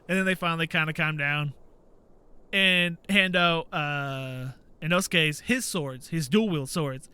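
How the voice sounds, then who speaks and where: A man hosting a gaming channel, chatting casually while he plays and acting out quotes in a high voice. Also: measured pace, pushed and bright, clean tone. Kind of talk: casual commentary while playing.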